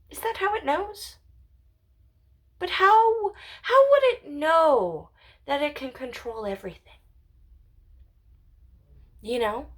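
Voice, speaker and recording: A woman alone at home, rambling through a philosophical monologue to her channel, musing aloud and drifting into whispers and giggles. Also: high voice. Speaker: channel owner.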